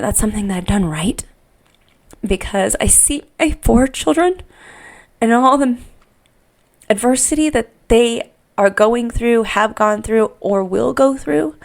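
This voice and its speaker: Earnest woman with a gravelly edge. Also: on the high side. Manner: earnest, off-the-cuff, repeats herself while searching for words. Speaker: parenting podcast host. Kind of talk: unscripted heartfelt podcast monologue.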